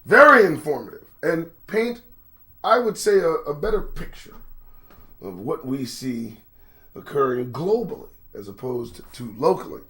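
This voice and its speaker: A man's voice: fairly high pitch, sing-song, measured pace, bright, forceful tone. Profane rambling male live-stream host. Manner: greets chat viewers by name.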